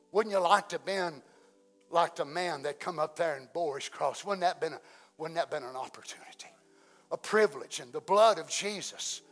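A man preaching a sermon in a folksy way, asking the congregation many questions and swinging between loud exclamations and soft asides. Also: on the high side.

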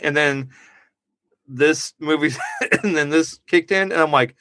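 A man talking through a movie on a podcast, his voice bright and forward with a dry, close sound. He rambles, loses his thread, and cracks up at his own dad jokes. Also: on the high side, a little slow, long pauses, no echo. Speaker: podcast co-host. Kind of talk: casual movie review chat.

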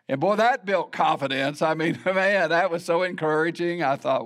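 A man's voice: fairly high pitch, normal speed, fairly bright tone. A middle-aged man preaching a sermon in a conversational, storytelling way with self-deprecating humor. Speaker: pastor.

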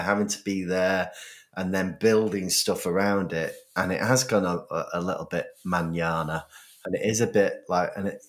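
Deep-voiced man chatting loosely. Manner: loose and jokey. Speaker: podcast co-host. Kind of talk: casual chat.

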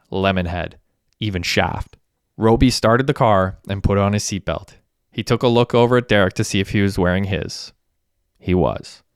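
A man reading a novel aloud in an even, steady storytelling manner. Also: sits low, clear, resonant tone, dry recording, studio quality. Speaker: audiobook narrator. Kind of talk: scripted narration.

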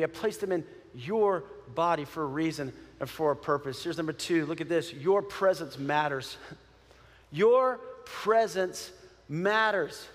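A man, a pastor, preaching a sermon in a conversational, animated way with many fillers and restarts. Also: on the high side, long reverb tail. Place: church sanctuary.

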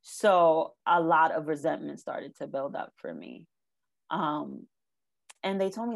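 Slightly low-voiced woman telling a painful story. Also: gravelly. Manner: earnest, halting, with many ums and likes. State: emotional, near tears. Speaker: guest sharing her life story. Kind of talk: emotional personal testimony.

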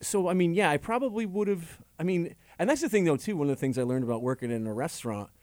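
A man telling stories in a casual chat, animated and swearing freely. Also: fairly high pitch, fast, no echo, clean studio sound. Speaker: comedian guest.

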